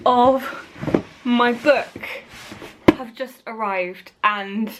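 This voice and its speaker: Woman vlogging at home, high voice, talks slow and emotional, kinda halting. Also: very noisy. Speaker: author and book vlogger. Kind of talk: casual vlog unboxing.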